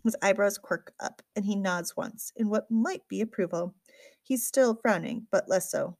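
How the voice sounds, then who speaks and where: A woman narrating a first-person audiobook with a lively, wry storytelling manner. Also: mid-range voice, unhurried, no echo.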